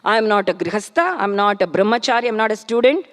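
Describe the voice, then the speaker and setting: A woman giving a devotional discourse, acting out questions and answers and chanting verses slowly. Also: mid-range voice, expressive. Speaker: spiritual speaker. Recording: long hall reverb.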